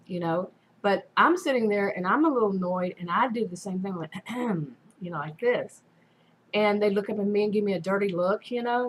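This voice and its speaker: Woman, casual vlog storytelling, rambling, lots of fillers, mid pitch, faint hiss. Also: low-quality recording. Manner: rambling, many fillers and restarts. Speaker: vlogger.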